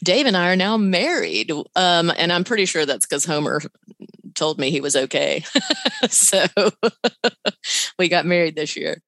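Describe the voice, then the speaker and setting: Low-voiced woman telling a story. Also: a little slow, pauses often, no room sound. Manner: animated, laughs while telling, voice jumps up on quotes. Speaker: guest telling her story. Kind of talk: conversational storytelling.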